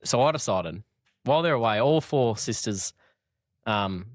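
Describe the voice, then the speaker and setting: A man's voice: medium pitch, animated, a little slow, no room sound, clean studio sound. A man hosting a podcast in casual chat, blunt and sweary, laughing often and rambling as he loses his thread. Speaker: podcast host.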